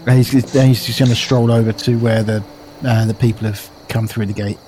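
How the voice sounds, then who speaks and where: A man chatting casually as a player in a tabletop role-playing game, relaxed and prone to laughing. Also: medium pitch, a little fast, faint music behind.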